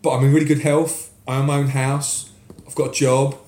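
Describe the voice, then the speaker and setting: A British man in his forties, telling stories in a casual, animated chat and often restarting his sentences. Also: medium pitch, a little fast. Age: 40s. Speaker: podcast guest, cosplayer. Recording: roomy echo.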